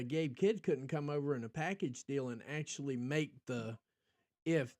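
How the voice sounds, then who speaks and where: American guy rambling on his podcast stream, lots of ums, chatting back to viewers, slightly high voice. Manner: rambling, talks back to chat, frequent ums. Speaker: podcast host. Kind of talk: casual livestream chat.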